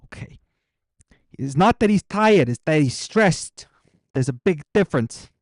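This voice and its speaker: A man commentating a live gaming stream, his pitch bouncing all over as he reacts with excited disbelief. He teases his viewers and rambles, tripping over restarts. The sound is close and dry, with no room around it. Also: measured pace, no room sound. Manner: excitable, incredulous teasing of viewers; rambling with restarts when stressed. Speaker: streamer reviewing viewer accounts.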